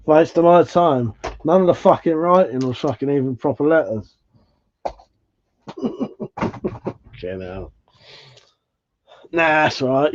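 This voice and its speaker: A man's voice: fairly high pitch, expressive, slow pace, pauses often, a bit bright. A man hosting a casual live chat stream, laid-back and tired, who swears freely as he chats to viewers. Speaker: livestream host.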